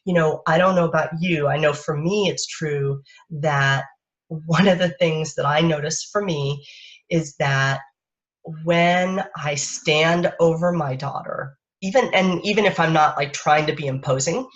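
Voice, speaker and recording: A woman parenting coach giving a live-streamed talk in a soft, unhurried, lulling way, speaking into a webcam or phone. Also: low-pitched. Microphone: webcam or phone on a live video stream. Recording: dull lo-fi stream audio.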